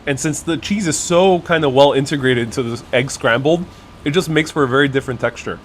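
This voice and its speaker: A man chats casually on a live stream as he tastes brunch in a city cafe, a clip-on mic catching his easygoing, mid-pitched voice. He thinks aloud, restarting phrases and filling pauses. Faint street and traffic noise sits behind him. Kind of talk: casual live-stream chat, tasting food. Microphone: wireless clip-on mic.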